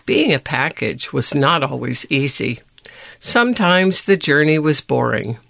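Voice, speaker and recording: Brief: gentle storyteller, slow-paced, gravelly voice, reading a picture book aloud. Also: medium pitch, animated, no echo.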